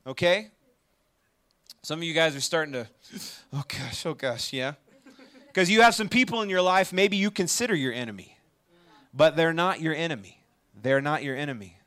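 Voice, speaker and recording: A man preaching a sermon to a campus ministry gathering, conversational and animated, often checking in with the audience with questions. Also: a little high, normal speed, pauses often, clean tone.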